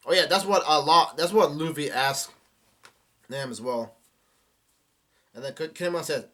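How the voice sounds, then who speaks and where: A man's voice: fairly high pitch, moderate pace, pauses often, pushed and bright. A young man doing a casual live reaction to a manga chapter, reading the dialogue aloud with many fillers and restarts.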